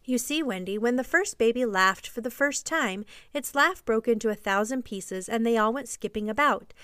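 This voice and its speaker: A woman's voice: fairly high pitch, moderate pace, a bit bright, clean tone, no room sound, studio quality, lightly acted. A woman voicing an eager, boastful young boy who refuses to grow up, in a storybook reading. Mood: cocky.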